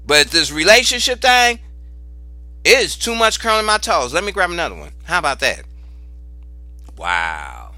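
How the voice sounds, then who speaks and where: A bright-voiced man gives a casual tarot reading for his vlog, animated and exclaiming, repeating phrases for emphasis and cussing freely. His voice is high and fairly quick, recorded dry.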